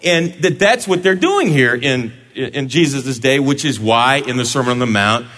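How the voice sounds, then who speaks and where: A male pastor preaching a sermon in a church sanctuary, playful and animated, joking with his congregation. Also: medium pitch, normal speed, big-room sound.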